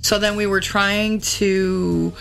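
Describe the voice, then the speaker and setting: A woman's voice: medium pitch, fairly even intonation, slow, vocal fry, a bit bright, faint music behind. A woman co-hosting a casual podcast chat, giggly and often losing her train of thought. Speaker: podcast co-host.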